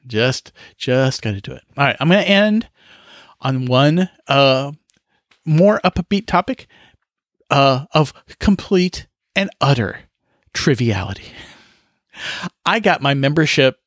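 A man's voice: mid-range voice, very animated, takes it slowly, pauses often, no room sound, studio quality. A man in his fifties hosting a solo podcast, telling exasperated, profane stories with frequent laughs and sighs. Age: 50s. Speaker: podcast host. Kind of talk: casual solo podcast monologue.

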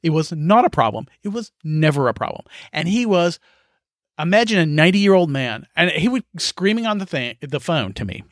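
A man's voice: fairly high pitch, big pitch swings, moderate pace, dry recording, studio quality. A middle-aged man hosting a solo podcast, talking frankly and with exasperation, swearing freely, often sighing and laughing. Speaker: podcast host. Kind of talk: casual solo monologue.

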